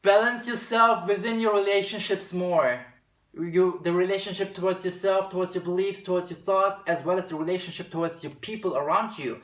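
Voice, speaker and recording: Recorded with a roomy sound, a man with a high, fairly bright voice talks fairly quickly in a steady tone. He's a tarot reader doing a chatty spiritual card reading, at times slipping into a British accent and reading card text aloud.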